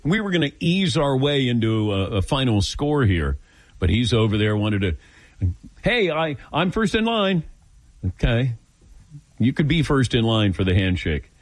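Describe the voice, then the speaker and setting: A man's voice: on the low side, normal speed, no room sound. An older man hosting a call-in radio show, telling stories and acting out quoted voices in casual chat. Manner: animated storytelling, acts out quoted voices. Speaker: radio talk show host.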